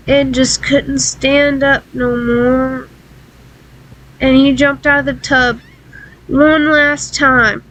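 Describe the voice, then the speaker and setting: A woman vlogger telling an emotional personal story in a halting, tearful way, often pausing and fighting back tears. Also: sits high, a bit bright, low-quality recording. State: crying.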